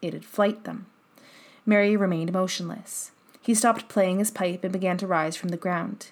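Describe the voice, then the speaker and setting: A woman's voice: lowish voice, steady tone, normal speed. Woman narrating a classic story. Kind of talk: audiobook narration.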